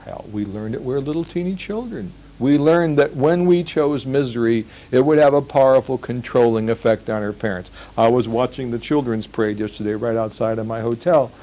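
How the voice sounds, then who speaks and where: A man's voice: mid-range voice, warm tone, low-quality recording. An older man giving a live lecture, telling stories and acting out the quoted lines. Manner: storytelling, acts out quoted lines. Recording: old 1980s lecture tape.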